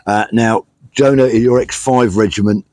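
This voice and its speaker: A man's voice: on the low side, fairly even intonation, a little slow, dark tone, no room sound. Plain-spoken middle-aged man reading thanks outdoors. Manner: chatty, plain-spoken thank-yous with many fillers. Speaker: vlog host, charity walker. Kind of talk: casual vlog, reading out donors. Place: outdoors on a country walk.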